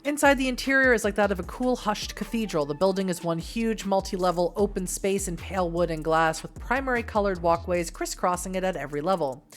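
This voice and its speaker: Chatty woman reading a text game aloud. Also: fairly low pitch. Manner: chatty, laughs often, apologetic over names. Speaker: streamer reading an interactive novel aloud.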